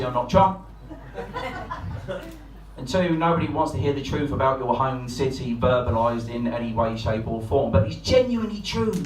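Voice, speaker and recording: A man from Portsmouth, doing a brash, sweary, self-mocking stand-up set at a live comedy night. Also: a little high. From Portsmouth, England. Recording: echoey live room, distant mic, noisy crowd.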